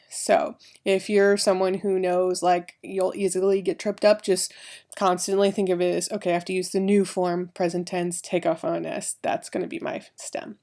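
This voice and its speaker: A woman's voice: mid-range voice, gravelly, a little mellow. A woman teaching a recorded French grammar lesson, explaining each step and spelling out letters.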